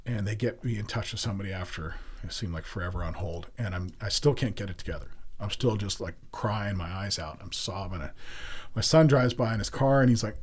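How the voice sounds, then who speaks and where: Middle aged guy, husky low voice, tellin his story straight, kinda raw and emotional. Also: brisk. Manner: candid, earthy, emotional retelling. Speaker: podcast guest. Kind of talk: personal storytelling.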